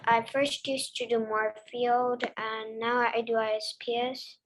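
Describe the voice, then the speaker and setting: Young student on a video call, high-ish voice, halting and unsure, lots of likes and ums. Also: female voice, little pitch movement, slight background noise. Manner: hesitant, halting speech with fillers. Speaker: student asking questions. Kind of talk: casual question and answer.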